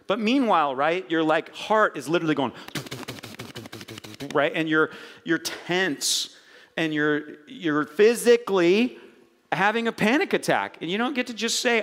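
A man's voice: sits high, moderate pace, a bit bright. Middle-aged man preaching in a reverberant hall. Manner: conversational and self-mocking, with audience asides. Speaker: pastor. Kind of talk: sermon.

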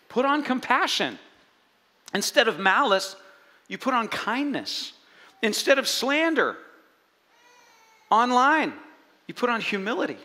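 A man preaching a sermon in an animated way, swinging between loud and soft. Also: high voice. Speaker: pastor. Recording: long hall reverb.

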